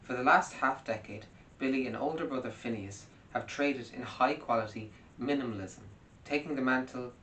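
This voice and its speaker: A man giving a wry, analytical music commentary as scripted narration. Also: fairly bright tone. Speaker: music video essayist. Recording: roomy, distant mic with faint rumble.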